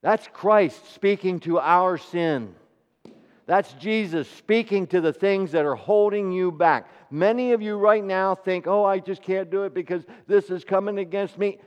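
A man preaching a sermon, asking the congregation rhetorical questions and swinging between hushed, near-whispered passages and loud, ringing declarations. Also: measured pace, clean tone. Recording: reverberant hall, dull low-fidelity sound.

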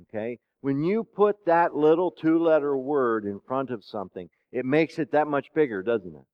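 A man preaching a sermon who keeps asking the congregation questions and swings between soft and loud. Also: medium pitch, lively intonation, moderate pace, clear, resonant tone, dry recording, muffled recording. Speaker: pastor.

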